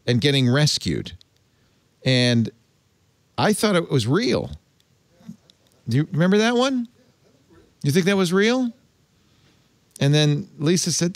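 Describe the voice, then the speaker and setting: Animated, wry tech-show host. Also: male voice, on the high side, no echo. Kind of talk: casual panel chat.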